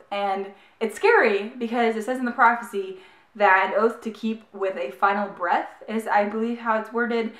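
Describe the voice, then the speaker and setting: A young woman reviewing a book in a casual, gushing way, full of "like" and excited restarts. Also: on the high side, echoey room. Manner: gushing, excited, heavy use of "like".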